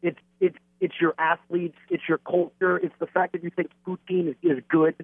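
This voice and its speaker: A man's voice: high voice, little pitch movement, moderate pace, husky, no echo. A man, a wrestler, talking in an arrogant, taunting heel manner during a phone interview. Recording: tinny dry phone line.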